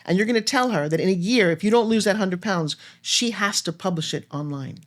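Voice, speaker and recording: A woman speaking at a brisk clip as a podcast guest. She coaches and tells stories with lively energy, jumping into other people's voices as she goes. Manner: animated storyteller, acts out dialogue with big pitch jumps. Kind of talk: fast-paced podcast conversation.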